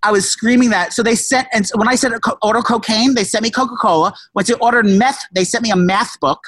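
A casual, profane storyteller who rambles with many restarts and shouted quotes. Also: male voice, high-pitched, a little fast, no room sound. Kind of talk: casual chat.

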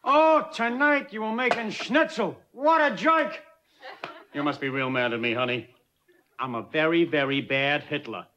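An actor playing a blustery fifties sitcom husband. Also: male voice, a little high, animated, natural voice. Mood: pleading. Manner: slow-burn exasperated sitcom bluster. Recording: muffled lo-fi clip with heavy noise.

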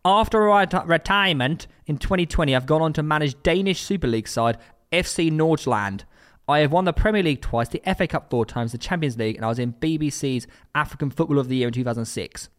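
A man hosting a casual football quiz, jokey and quick to laugh. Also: on the high side, a bit bright. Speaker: quiz host.

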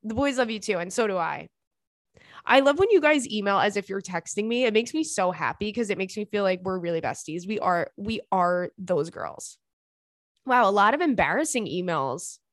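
A young woman hosts a chatty podcast and reads listener emails aloud. Her talk is sassy and full of giggles, at a middling pitch for a woman. The sound is dry and close, with no room echo. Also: animated, moderate pace. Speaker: podcast host. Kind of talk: casual chat, reading listener emails.

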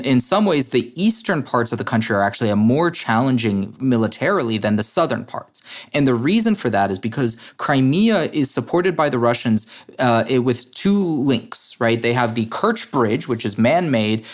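A man's voice: mid-range voice, expressive, normal speed, hardly any pauses. Earnest man explaining at length. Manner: earnest, explanatory, many fillers and restarts. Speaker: guest, head of a democracy nonprofit. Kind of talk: interview conversation.

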